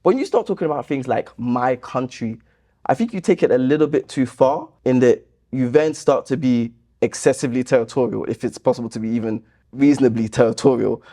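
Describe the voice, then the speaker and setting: A man's voice: mid-range voice, brisk, dark tone. A man hosting his channel, talking casually about comments viewers left, reasoning through them and getting indignant. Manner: chatty, reasoned, grows indignant when rebutting. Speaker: YouTube host reading viewer comments. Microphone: laptop camera mic.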